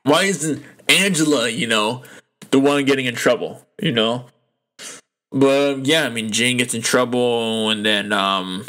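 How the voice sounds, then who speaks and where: A man hosting a casual solo podcast, rambling loosely with lots of fillers, restarts and swearing, and getting animated when he is indignant. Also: medium pitch. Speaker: podcast host.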